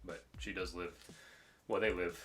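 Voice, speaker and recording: A man co-hosting a casual collecting video, talking in a relaxed, hesitant way with lots of ums. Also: sits low, normal speed, soft background music. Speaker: co-host. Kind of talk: casual collection show-and-tell.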